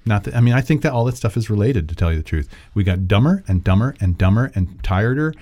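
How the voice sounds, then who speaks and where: A man co-hosting a podcast, talking politics in a casual, animated, digressive way and laughing often. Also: fairly low pitch, fast talker. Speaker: podcast co-host.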